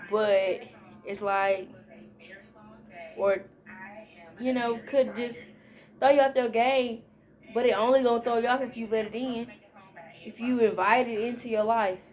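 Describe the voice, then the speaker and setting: A young woman with a slightly high voice talks through a movie in a loose, chatty vlog. She is animated and full of slang, and she keeps jumping into little impressions of the lines she quotes. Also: a little slow, pauses often. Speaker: vlogger. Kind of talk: casual movie review chat.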